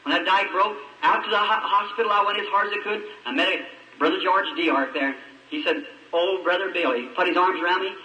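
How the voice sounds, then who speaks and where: A man's voice: sits high, a little fast, bright, forceful tone. A middle-aged man with a Southern US accent preaching a sermon, telling a personal story with fervent delivery and rhetorical questions to the congregation. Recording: echoey old archival sermon recording from far off.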